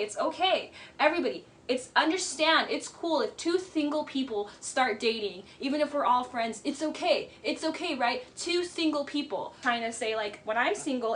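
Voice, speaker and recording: Chatty high-voiced woman recapping TV. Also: fairly bright tone, slight background noise. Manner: chatty, blunt, says "like" a lot. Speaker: reality TV commentator. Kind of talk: casual commentary.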